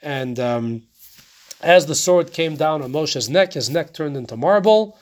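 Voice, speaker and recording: Man, Torah teacher, casual class, slightly high voice, conversational, rhetorical questions. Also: expressive, measured pace. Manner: conversational, keeps asking "right?" and posing rhetorical questions.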